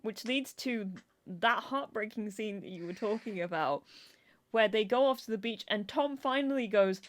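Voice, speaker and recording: A woman's voice: medium pitch, moderate pace. A woman guest-hosting a podcast, chatting casually and acting out quotes with laughs. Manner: animated, acts out quotes with laughs.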